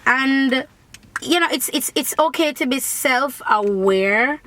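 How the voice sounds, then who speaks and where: A woman's voice: high-pitched, lively intonation, slow pace, pushed and bright, poor audio. A woman from Jamaica, chatting in a rambling way while doing her makeup in a parked car. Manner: rambling, chatty, many restarts. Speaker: beauty vlogger.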